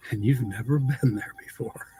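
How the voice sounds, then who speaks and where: A man's voice: medium pitch, darkish tone, a little hiss or hum. A man hosting a live stream, chatting casually with viewers, laughing often and reading comments aloud.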